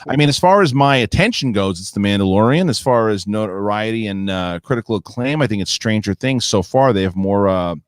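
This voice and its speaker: A man's voice: lowish voice, animated, brisk, few pauses, no room sound, clean studio sound. A man hosting a live stream, casually reading viewer comments and thanking them. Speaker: host.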